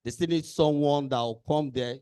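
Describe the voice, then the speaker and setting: A man with a Nigerian accent speaks at a birthday gathering in a polite, measured way, pausing on the odd um. His voice is smooth and somewhat high. The sound is dry and close. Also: dark tone, dry recording. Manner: polite, measured, with filler ums. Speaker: lawyer giving a birthday tribute. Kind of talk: formal speech at an event.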